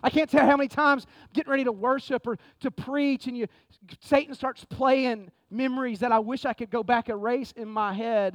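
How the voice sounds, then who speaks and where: A man preaching a sermon in a conversational, energetic way, often saying "man". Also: extremely high pitch, dry recording. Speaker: pastor. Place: church sanctuary.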